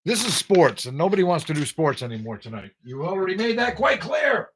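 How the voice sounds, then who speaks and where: With a high, husky, fairly bright voice, very animated and brisk, an older American man hosts a live trivia stream. He teases viewers sarcastically, reading their names and answers aloud.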